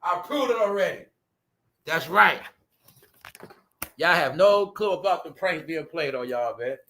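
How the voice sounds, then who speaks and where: Loud mocking man ranting in slang. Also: a little high, lively intonation, a little slow. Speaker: commentary channel host. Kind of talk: casual ranting commentary.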